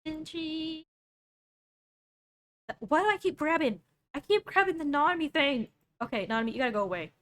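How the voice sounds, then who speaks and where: A woman's voice: high voice, very animated, quick pace, fairly bright tone. A young woman streaming, reacting to a video with casual, sarcastic jokes. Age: young adult. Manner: joking, sarcastic asides.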